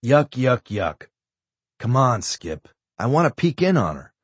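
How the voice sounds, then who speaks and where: A man's voice: mid-range voice, very animated, unhurried, breathy edge, no echo. A man voicing a stubborn, sarcastic injured man pushing to get out of bed, in an audiobook. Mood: impatient. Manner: insistent, sarcastic. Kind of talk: audiobook character voice.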